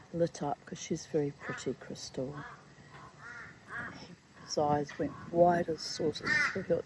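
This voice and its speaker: A middle-aged woman reading aloud from her own memoir, reflective and halting, with frequent asides. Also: deep voice, noisy background. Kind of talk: personal storytelling read aloud.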